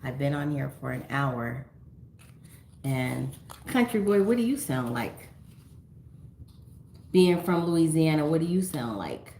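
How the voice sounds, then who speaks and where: A woman's voice: low voice, animated, slow, vocal fry, pauses often, mellow, roomy sound, slight background noise. A middle-aged woman from California hosting a casual livestream on her phone, chatting and reading viewer comments aloud with frequent laughs. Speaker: livestream host.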